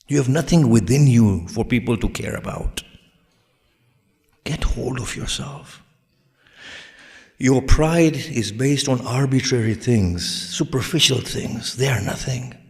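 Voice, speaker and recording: A man delivering a sermon lecture. He swings between hushed, near-whispered passages and loud, forceful exhortation, and puts rhetorical questions straight to his listeners. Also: medium pitch, big-room sound. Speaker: religious lecturer.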